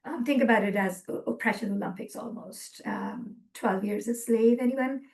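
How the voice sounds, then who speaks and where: A woman presenting a webinar lecture from slides, earnest and measured, with frequent ums. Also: on the high side.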